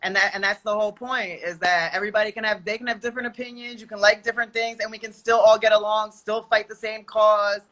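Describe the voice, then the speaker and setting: A woman's voice: medium pitch, steady tone, quick pace, few pauses, a bit bright, dry recording, low-quality recording. A woman calling in, affirming and laughing easily in casual chat. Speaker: guest caller.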